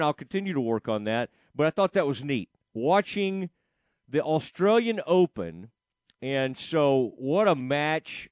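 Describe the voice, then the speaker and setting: A man's voice: medium pitch, no echo, studio quality. A man hosting a casual sports talk show, rambling with frequent fillers and restarts. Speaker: sports radio host.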